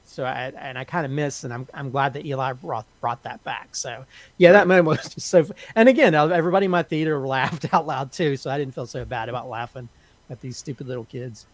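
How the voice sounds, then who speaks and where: A man casually reviewing a horror film on a podcast panel, speaking haltingly with many restarts and often laughing. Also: mid-range voice, dry recording.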